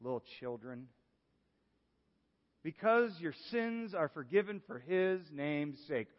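A male pastor preaching a sermon, moving from hushed, earnest passages to lively exclamations. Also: sits high, measured pace. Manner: animated, swings from hushed to exclaiming. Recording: dull sound with long hall reverb.

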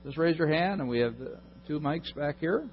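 A man's voice: on the high side, expressive, moderate pace, lo-fi sound, a little hiss or hum. A man hosting a church service, casually inviting the congregation to share, joking now and then, speaking into a handheld mic.

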